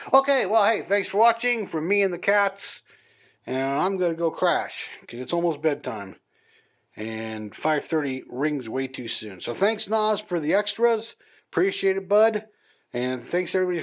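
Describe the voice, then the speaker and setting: Tired man rambling on a home vlog. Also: fairly high pitch. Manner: rambling and tired, many fillers and restarts. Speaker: hobby channel host. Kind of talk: casual chat to camera. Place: home at night. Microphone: phone camera on a mount.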